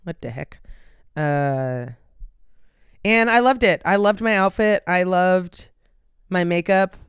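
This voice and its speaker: In studio-quality audio with no room sound, a young podcast host speaks slowly in a lowish, smooth voice. Sounding tired and yawning, she chats casually on her own, rambling and filling gaps with "like" and "um."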